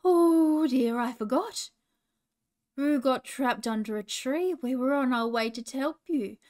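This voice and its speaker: A woman's voice: sits high, takes it slowly. A woman voicing a cheerful, giggly owl in a children's story. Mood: flustered. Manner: bright, loud and laughing.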